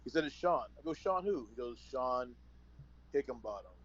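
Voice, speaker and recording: Animated man telling a story. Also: medium pitch, moderate pace, slightly rough, dull audio. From San Antonio, Texas. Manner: animated storyteller, acts out phone calls. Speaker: podcast guest, former wrestler. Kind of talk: casual storytelling.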